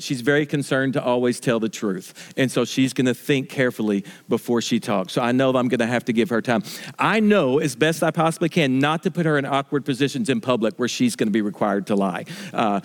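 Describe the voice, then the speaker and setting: A middle-aged man, a pastor, preaching a sermon in a conversational, story-telling way, with restarts and slow stresses on key words. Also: on the high side.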